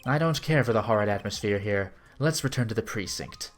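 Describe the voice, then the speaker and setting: A man voicing a composed, stern male prosecutor who speaks in a measured, lecturing way. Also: fairly low pitch, lively intonation, pitched below the performer's own voice, lightly acted.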